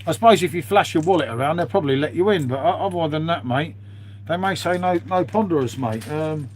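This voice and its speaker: A man's voice: on the high side, fairly quick, slight background noise. A man chatting casually with viewers on an early-morning live stream, swearing freely and calling everyone mate.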